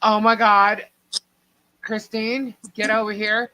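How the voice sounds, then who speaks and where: An exasperated middle-aged mother barks out orders in a raised, sharp voice, as a woman quotes her in a story. The tone is bright and a little high. It is an everyday voice rather than a full character. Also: very animated, normal speed, no echo, low-quality recording. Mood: scolding. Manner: scolding, raised voice.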